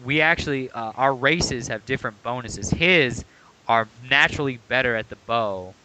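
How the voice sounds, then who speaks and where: A man's voice: mid-range voice, moderate pace, noisy background. A man co-hosting a podcast, chatting casually and walking through how a video game works. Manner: explanatory, walks through game mechanics. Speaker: podcast co-host.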